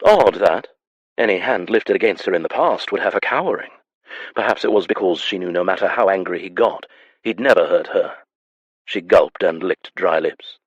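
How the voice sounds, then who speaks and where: A man reading a historical romance audiobook in a measured, even manner. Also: deep voice, breathy edge, dry recording, highs cut off. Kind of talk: scripted audiobook narration.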